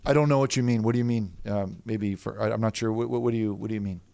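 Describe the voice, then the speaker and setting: A man's voice: lowish voice, fairly even intonation, quick pace, creaky, a little mellow, smooth, no room sound. A man improvising as a plaintiff in a comedic mock trial, stammering and repeating words as he talks. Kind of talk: comedic improvised courtroom role-play.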